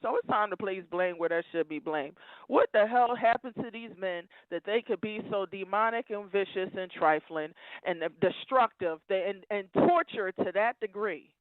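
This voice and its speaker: A woman's voice: medium pitch, normal speed, hardly any pauses, dry recording. A woman calling in to a talk show, emotional and preaching fiercely, repeating phrases for emphasis. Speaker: caller. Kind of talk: impassioned call-in rant. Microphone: phone. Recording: tinny dry phone line.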